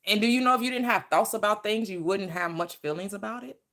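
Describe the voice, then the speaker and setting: Talking fast in a mid-range, fairly bright voice, a woman gives a preacherly motivational talk about manifesting. As a manifestation teacher she is emphatic, leans on repetition, and swings into acted quotes.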